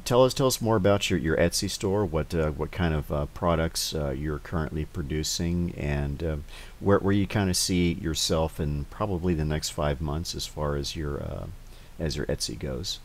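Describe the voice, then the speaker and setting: A man's voice: a bass voice, normal speed. A man hosting a casual interview. He talks hesitantly, with many restarts and fillers. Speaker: host.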